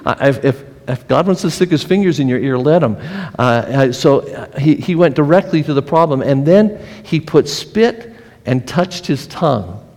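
A male pastor delivering an earnest sermon, with frequent restarts and swings in pace and pitch. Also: lively intonation, moderate pace, darkish tone. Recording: long hall reverb.

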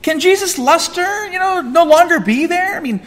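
A man preaching a sermon, swinging from loud emphatic peaks to soft quiet asides. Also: extremely high pitch, lively intonation, normal speed, in a large hall. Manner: frequent fillers and restarts in asides. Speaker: pastor.

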